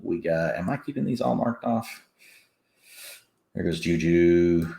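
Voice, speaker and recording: A man co-hosting a casual sports podcast, animated, chuckling often and restarting sentences. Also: low voice, unhurried, vocal fry, echoey room. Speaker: podcast co-host. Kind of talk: casual fantasy football chat.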